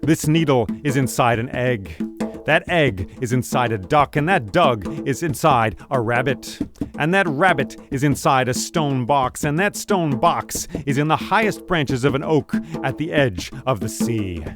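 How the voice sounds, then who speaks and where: A man putting on a fierce young warrior queen, raising his voice higher and pressing every word with urgency. She pleads and warns in a lively, animated way, over drums and music playing behind. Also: measured pace, natural voice. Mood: urgent.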